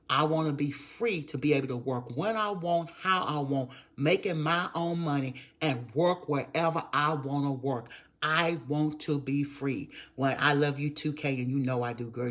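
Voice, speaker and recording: A woman, giving a live-stream motivational talk as a network marketer and speaking with emphatic repetition to her viewers. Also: low voice. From Texas. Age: 50s. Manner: emphatic, repetitive, preachy, addresses viewers as y'all.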